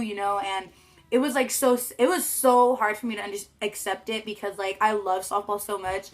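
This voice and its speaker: A teenage girl casually telling a story time vlog, chatty with lots of "like" and swearing, acting out quotes loudly. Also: on the high side, fairly even intonation, brisk. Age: teens. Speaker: vlogger.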